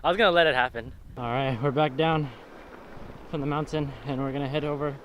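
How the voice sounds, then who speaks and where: A man's voice: mid-range voice, fairly even intonation, fairly quick. A man chatting casually on a travel vlog, laughing often and stopping for fillers, filmed outdoors on a handheld camera. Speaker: travel vlogger. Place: outdoors in busy tourist spots. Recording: loud outdoor crowd and street noise.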